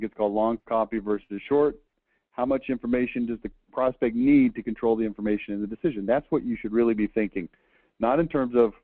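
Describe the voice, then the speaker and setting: A man's voice: mid-range voice, no room sound. Man lecturing over tinny, phone-like audio. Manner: tag "okay?" at the end of points, talks with frequent restarts. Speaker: presenter reviewing a book. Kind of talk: conversational slide lecture.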